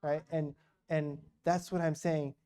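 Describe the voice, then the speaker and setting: A man's voice: fairly high pitch, little pitch movement, unhurried, warm tone, clean tone. A man speaking as a missionary guest at a church, telling a story in a casual, rambling way with lots of retold conversation. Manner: rambling, retells conversations with many quotes.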